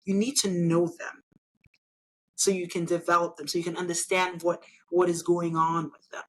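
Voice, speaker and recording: A woman's voice: fairly low pitch, flat delivery, moderate pace, low-quality recording. A woman from Nigeria, speaking as an interview guest. She argues emphatically and persuasively, often tagging her points with "right?". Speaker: interview guest, engineer and elected official. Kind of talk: conversational interview.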